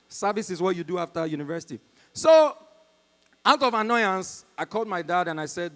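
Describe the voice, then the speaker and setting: Nigerian man, stand-up comedian, high voice, reverberant concert hall. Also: animated, fairly quick, fairly bright tone. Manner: storytelling, talks to the crowd. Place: concert stage in a large hall.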